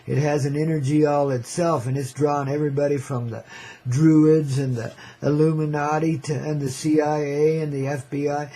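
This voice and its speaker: Slightly high and level in tone, this older man's mellow voice moves at normal speed as he hosts a radio show. He rambles casually in a laid-back hippie drawl, often saying "man" and laughing.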